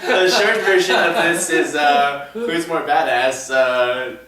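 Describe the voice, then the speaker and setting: A man's voice: a little high, slow pace, fairly bright tone. A man co-hosting a casual movie review chat, rambling with many restarts and fillers. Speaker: podcast co-host. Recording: echoey room, distant mic, faint noise.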